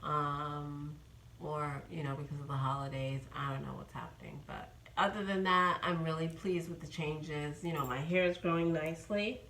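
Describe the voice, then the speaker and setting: A woman's voice: deep voice, fairly even intonation, moderate pace, a bit bright, roomy sound, a little hiss or hum, poor audio. A woman in her fifties from New York, chatting casually in a rambling vlog update with many ums. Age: 50s. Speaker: vlogger.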